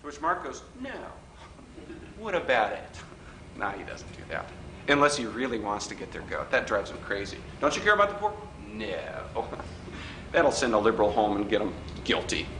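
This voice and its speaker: A middle-aged man giving a live workshop lecture in a hotel function room, an animated, wisecracking storyteller who mimics the people in his stories. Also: fairly low pitch, normal speed. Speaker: workshop speaker. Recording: roomy hall recording with faint background noise.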